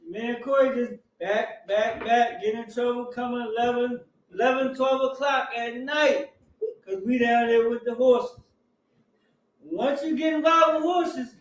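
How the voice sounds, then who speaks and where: A middle-aged man, a guest, telling casual anecdotes in an animated, fast-running way. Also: very high voice, far from the mic. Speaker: guest, riding club family member. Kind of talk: casual storytelling. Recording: roomy, off-mic.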